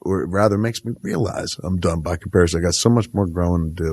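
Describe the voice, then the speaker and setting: A man's voice: deep voice, quick pace, a little mellow, slightly rough. A man hosting a podcast in casual interview chat, effusive and rambling, with heavy swearing. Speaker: podcast host.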